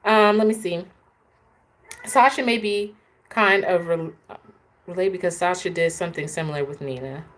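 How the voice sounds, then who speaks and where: A woman's voice: lowish voice, moderate pace, long pauses, fairly bright tone. A woman hosting a casual, opinionated live chat, talking straight to her viewers. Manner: chatty, opinionated, answers viewers. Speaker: host.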